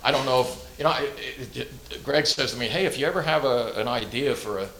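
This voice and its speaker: A man preaching a relaxed, conversational sermon, halting often with fillers and self-deprecating jokes. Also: medium pitch, vocal fry, a little hiss or hum.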